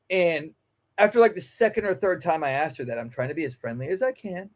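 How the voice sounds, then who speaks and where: A man's voice: high voice, lively intonation, a little fast. A man, a dog trainer and guest, telling stories in a casual, emphatic way with frequent swearing, acting out the voices he quotes. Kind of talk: animated storytelling in casual conversation.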